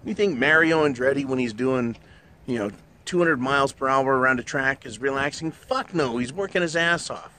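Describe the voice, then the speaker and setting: A man's voice: mid-range voice, moderate pace, bright, forceful tone, a little hiss or hum. A middle-aged man hosting his own show, delivering a blunt, profanity-laced monologue in a ranting manner. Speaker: show host. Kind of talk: opinionated monologue.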